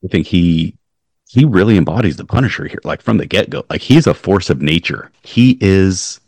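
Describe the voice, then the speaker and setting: A man with a very deep voice reviews a film in casual chat. He gives emphatic opinions with an exasperated edge. His voice is recorded close and dry. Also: lively intonation, moderate pace, creaky, a little mellow, no echo. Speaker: movie podcast co-host.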